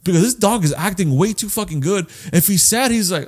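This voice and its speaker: A man's voice: sits high, fast, hardly any pauses. A man co-hosting a podcast in casual chat, swearing freely and acting out the voices of the people he quotes. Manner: animated, profane, acts out quoted voices. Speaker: podcast co-host.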